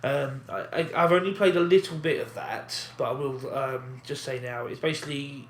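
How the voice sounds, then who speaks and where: A man co-hosting a podcast, chatting casually, animated and rambling with fillers and frequent laughs. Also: mid-range voice, normal speed. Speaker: podcast co-host. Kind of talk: casual chat. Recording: echoey room, faint background noise.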